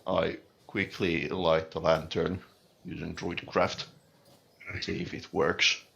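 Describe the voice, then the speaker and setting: Very deep, gravelly man, laid-back. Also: level tone, slow pace, fairly bright tone. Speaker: player. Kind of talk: tabletop role-play.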